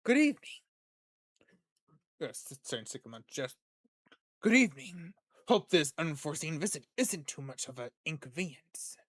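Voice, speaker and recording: A streamer voicing a cold, suave European male investor with a put-on French accent and smooth, formal speech. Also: medium pitch, animated, normal speed, pauses often, no echo, natural voice.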